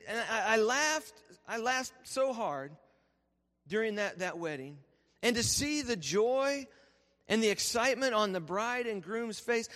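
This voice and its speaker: A man, a pastor preaching a sermon and telling lively stories that he laughs through. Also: high voice. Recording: reverberant church hall.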